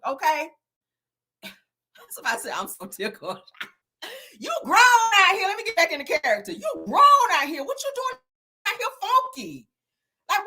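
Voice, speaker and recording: A woman hosting a casual celebrity gossip show, sassy and profane, laughing often and talking straight to her viewers. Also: sits high. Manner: animated, dramatic emphasis.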